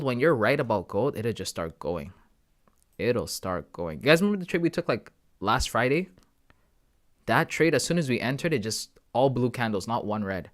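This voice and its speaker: A young man hosts a live trading stream in an easy, casual way. He thinks out loud and keeps talking straight to his chat, calling them guys and bro. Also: mid-range voice. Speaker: trading livestream host.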